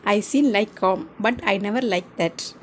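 A woman's voice: medium pitch, measured pace, slight background noise, lightly acted. A woman voicing a bold, fearless schoolgirl who talks tough and encourages a shy friend. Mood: fierce. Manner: boastful threats, then friendly and encouraging. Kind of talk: storybook drama.

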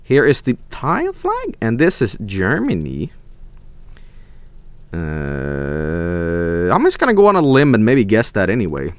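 A young man with a Swedish accent streaming a geography guessing game, thinking aloud, swearing and breaking into excited yelps. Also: low-pitched, clean tone, no echo. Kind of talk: casual gameplay commentary.

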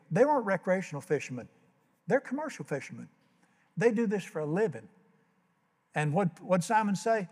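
A man's voice: sits high, sing-song, fairly quick, darkish tone, breathy edge, big-room sound. An older man preaching a sermon as pastor, telling folksy stories and acting out the voices. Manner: folksy storytelling, acts out voices.

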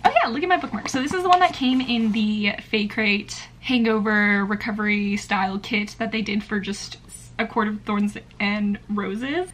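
A woman's voice: fairly high pitch, fairly bright tone, slight background noise. A woman chatting casually in a home vlog about books and her day, using lots of "like". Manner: chatty, filler-heavy, lots of "like". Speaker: book vlogger.

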